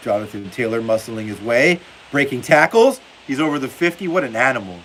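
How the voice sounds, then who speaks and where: A man's voice: medium pitch, animated, a little fast, fairly bright tone, low-quality recording. A man hosting a football livestream in casual chat, reading viewer comments aloud and laughing often. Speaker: livestream host. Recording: faint hiss behind the voice.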